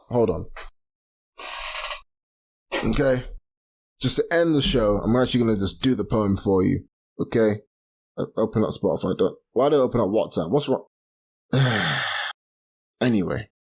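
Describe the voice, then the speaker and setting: A man's voice: fairly low pitch, a little mellow. Rambling self-mocking male podcast host. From London. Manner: rambling, self-deprecating, laughs at himself. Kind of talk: solo casual chat.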